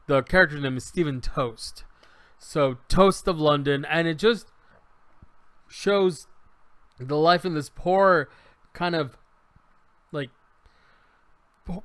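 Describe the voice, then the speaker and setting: Bright, animated storytelling man. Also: a little high, no echo. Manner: animated storyteller, acts out quotes, many restarts. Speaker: podcast co-host reviewing a show. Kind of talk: casual chat.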